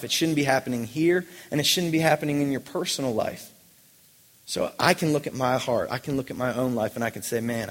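A man's voice: mid-range voice, big-room sound. A man preaching a sermon as pastor. He presses his listeners with earnest rhetorical questions.

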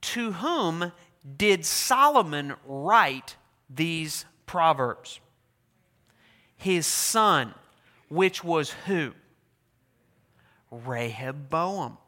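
Animated high-voiced preacher in a reverberant hall. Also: male voice, very slow, pauses often. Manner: animated, asks the congregation questions. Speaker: pastor. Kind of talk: sermon.

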